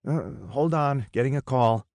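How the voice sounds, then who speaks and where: A wry, sarcastic male partner, as a man puts him on in a horror audiobook. His voice sits noticeably higher than the narrator's own. He delivers his lines dry and mocking. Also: unhurried, creaky, darkish tone, no echo. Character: wisecracking male partner, sardonic.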